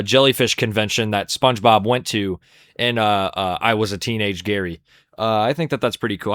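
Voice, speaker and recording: A man's voice: medium pitch, fairly bright tone, dry recording, clean studio sound. A young man giving a casual, rambling and profane commentary as he ranks cartoon episodes. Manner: profane, rambling, laughing at jokes. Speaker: episode reviewer.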